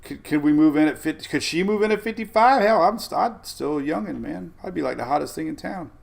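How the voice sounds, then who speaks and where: Gravelly-voiced chatty man hosting a weather stream. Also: a little high, lively intonation, fast talker. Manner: chatty, rambling, laughs often, reads comments aloud. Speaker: weather livestream host. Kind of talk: casual livestream chat.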